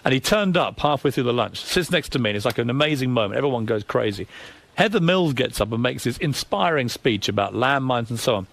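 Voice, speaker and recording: A middle-aged English man, a former tabloid editor, telling lively anecdotes as a talk show guest and acting out the voices of people he quotes. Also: mid-range voice, fairly quick, creaky, dry recording. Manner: animated, acts out quoted voices.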